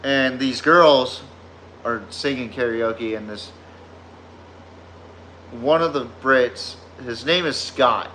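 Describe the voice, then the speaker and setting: Southern drawl guy on his sports podcast, slow and rambling, cussing a lot, bright forceful voice. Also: medium pitch, slight background noise. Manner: rambling, profane storytelling. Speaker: podcast host. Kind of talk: casual sports podcast chat.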